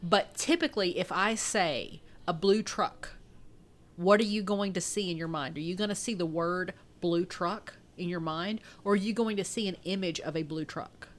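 Rambling, chatty woman with a lowish voice. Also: moderate pace. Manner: rambling, animated, laughs often, frequent restarts. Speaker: podcast co-host. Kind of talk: casual chat.

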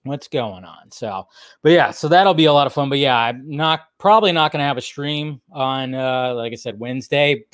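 A man's voice: mid-range voice, normal speed, a bit bright, no room sound, studio quality. A man hosting a casual live stream, rambling and chatty, with lots of fillers and restarts.

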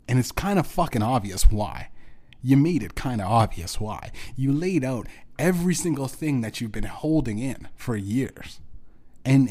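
A man hosting his own show, delivering a bitter, profane rant that swings between loud outbursts and low muttering. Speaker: podcast host. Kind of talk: angry personal rant.

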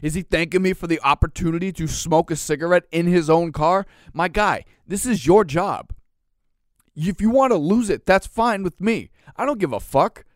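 Man, podcast host, profane ranting storyteller, slightly high voice, dry recording. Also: normal speed, no room sound. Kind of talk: casual chat.

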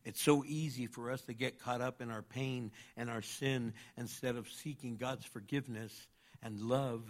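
A man preaching a sermon, animated, jumping between loud outbursts and quiet asides as he acts out the people in his stories. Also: medium pitch, moderate pace. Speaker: pastor.

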